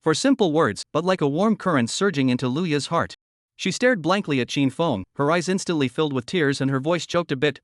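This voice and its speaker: A man narrating a scripted story recap in an even, matter-of-fact reading. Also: a little high, fairly quick, no room sound, studio quality.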